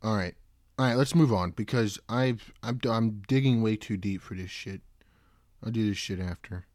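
A young man hosting a casual solo podcast who rambles, swears and breaks into loud, disbelieving outbursts. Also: lowish voice, normal speed, no echo. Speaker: podcast host.

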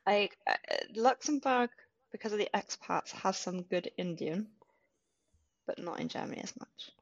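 A woman's voice: medium pitch, moderate pace, gravelly, lo-fi sound. A woman co-hosting a podcast over a remote call in casual chat, with a wry, matter-of-fact manner. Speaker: podcast co-host.

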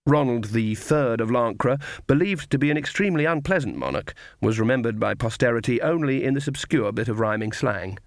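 A man reading an audiobook in a measured, wry storytelling manner. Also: medium pitch, expressive, dry recording. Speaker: audiobook narrator. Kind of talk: scripted narration.

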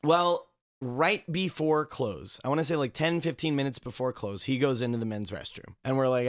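A male podcast co-host spins a casual anecdote, looping back with fillers as he goes. His voice sits at an ordinary middle pitch. The sound is dry and close, with no room around it. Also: moderate pace, clear, resonant tone, dry recording. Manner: rambling, filler-heavy storytelling.

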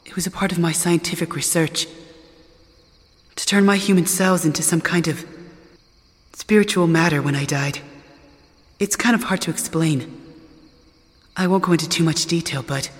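A man voicing a calm, apologetic young male ghost in a fan audio drama, speaking quietly. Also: a little high, moderate pace, long pauses, big-room sound, lightly acted. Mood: remorseful.

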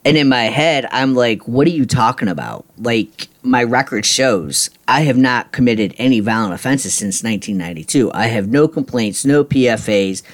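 A man's voice: mid-range voice, animated, normal speed, hardly any pauses. A middle-aged man hosting a podcast, telling a personal story in a blunt, frustrated, ranting way with casual swearing. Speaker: podcast host.

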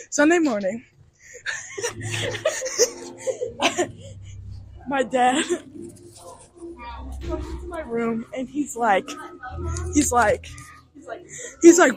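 A young woman casually telling a profane, animated story, often laughing. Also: high voice, drawn-out words, long pauses, a little hiss or hum. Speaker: storytelling co-host.

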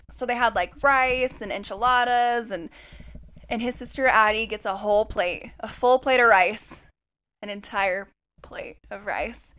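A woman's voice: a little high, pushed and bright. A woman in her twenties co-hosting a podcast, telling crude, joking stories and acting out what people said. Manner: crude, joking storyteller who acts out quotes. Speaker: podcast co-host. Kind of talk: casual chat.

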